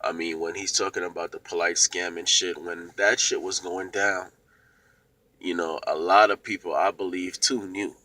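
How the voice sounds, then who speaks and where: A man's voice: sits low, level tone, normal speed, sharp tone, distant mic, rough recording. Blunt, profane man ranting casually. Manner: blunt, profane, rambling with many fillers. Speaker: YouTuber giving commentary. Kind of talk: casual opinion monologue.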